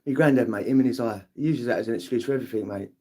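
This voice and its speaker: A man's voice: mid-range voice, racing, warm tone. Chatty British man on a livestream. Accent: British English. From England. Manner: chatty, rambling, swears freely, acts out quotes. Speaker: livestream host. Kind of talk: casual livestream chat.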